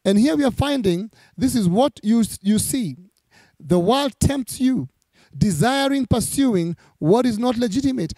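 High, mellow-voiced preacher man. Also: animated, unhurried, dry recording. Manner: preaching with scripture readings and repeated emphasis. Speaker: pastor. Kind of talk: sermon.

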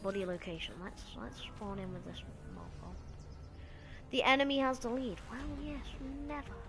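A woman giving excitable live gameplay commentary, yelping and shrieking as the action happens. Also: medium pitch, moderate pace, vocal fry, over music. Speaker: gamer streaming live.

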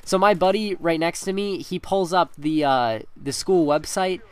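A man's voice: high-pitched, normal speed, clean tone. A young man in his teens, telling a school story in a chatty way with frequent laughs and fillers while commenting on gameplay. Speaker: gaming commentator. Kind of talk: casual storytelling over gameplay.

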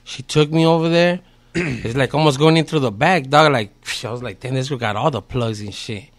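A man's voice: medium pitch, moderate pace. A man, a podcast guest telling a story in a laid-back, slangy way with heavy swearing. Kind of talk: casual storytelling.

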